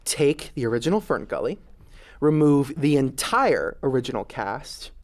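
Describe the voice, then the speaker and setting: A man's voice: medium pitch, sing-song, moderate pace. A young male student debater, speaking in a mock-dramatic, joking way. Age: young adult. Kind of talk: comic argument.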